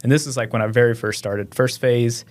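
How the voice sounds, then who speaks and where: A man's voice: mid-range voice, steady tone, a little fast. A police officer in his thirties, a podcast guest, telling stories in a laid-back, self-deprecating way with lots of fillers. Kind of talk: casual storytelling.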